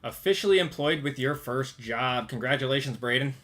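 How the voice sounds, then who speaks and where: A man's voice: medium pitch, brisk, a bit bright, faint music behind. A man hosting a casual livestream, upbeat and greeting viewers by name as they join. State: out of breath. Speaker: card break livestream host. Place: home.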